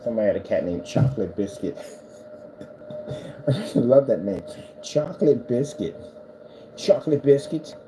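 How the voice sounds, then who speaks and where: Give me a man vlogging from his workshop, with a very animated, bouncing voice and steady hum behind him. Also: mid-range voice, a little slow, long pauses. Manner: preachy about faith, then playful baby talk to his cat. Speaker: projector screen business owner. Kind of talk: casual vlog chat. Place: indoor workshop with boxes and desk. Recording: noisy room background.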